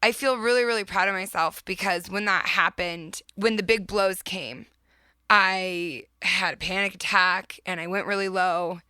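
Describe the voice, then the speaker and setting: Bright earnest woman podcast host. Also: mid-range voice, clear, resonant tone, no echo. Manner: earnest, emphatic, often laughing. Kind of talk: motivational podcast talk.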